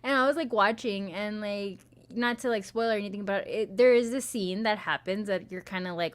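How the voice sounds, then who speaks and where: Young woman co-hosting a chatty podcast, swears a lot and acts out what people said, voice sits in a middle pitch, loose storytelling. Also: fairly quick, hardly any pauses. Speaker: podcast co-host. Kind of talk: casual chat.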